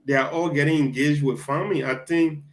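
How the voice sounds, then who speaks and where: A man co-hosting a casual political talk show, talking in halting bursts with many restarts. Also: on the high side, steady tone, over a noisy crowd, rough recording.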